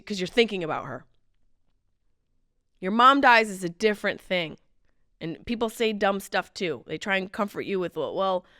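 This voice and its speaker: A woman in her late thirties hosting a podcast, delivering a wry comedic monologue that swings between loud outbursts and low mutters. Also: smooth, no echo, clean studio sound. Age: late 30s. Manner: animated, wry, mimics others in mock voices. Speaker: podcast host.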